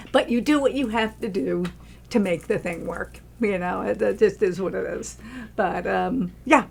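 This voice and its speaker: A woman's voice: mid-range voice, unhurried, gravelly. A woman from New York, a film producer, telling stories in casual chat and acting out what people said. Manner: animated storyteller, acts out quotes.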